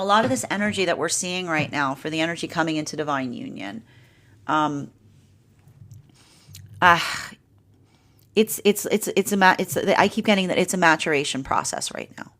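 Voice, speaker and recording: A woman giving a live tarot reading, talking through spiritual energy with frequent "right?" tags and playful acted-out inner dialogues. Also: low-pitched. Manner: animated, laughing, plays out inner dialogues. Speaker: tarot reader.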